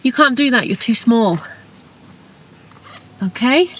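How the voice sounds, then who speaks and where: A woman's voice: fairly high pitch, takes it slowly. Bubbly woman vlogging. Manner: bubbly, excitable, chatty. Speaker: professional saxophonist and vlogger. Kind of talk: casual vlog chat. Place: in a car and out and about.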